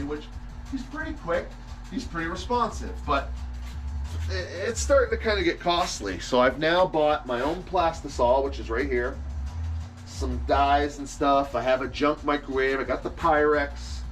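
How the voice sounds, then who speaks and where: A man's voice: on the high side, moderate pace, fairly bright tone, faint music behind. A man making fishing lures in his workshop, chatting casually on a livestream and answering questions, rambling and restarting his sentences, with the odd swear word. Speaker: fishing lure maker hosting a livestream. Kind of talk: casual live-stream chat answering questions.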